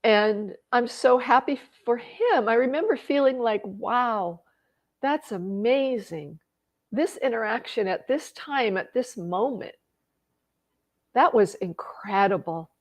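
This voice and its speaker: A woman's voice: fairly high pitch, animated, a little slow. A middle-aged woman telling a personal story in a conversational way, getting emotional and tearing up at times. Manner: emotional, tearful at times, many restarts. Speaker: personal growth vlogger.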